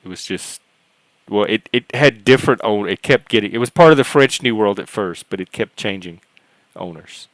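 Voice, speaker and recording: A Cajun man from South Louisiana in his forties, rambling and halting as he tells stories while hosting a panel chat. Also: fairly low pitch, fairly bright tone, no room sound, poor audio. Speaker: host of a panel discussion. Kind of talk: casual chat.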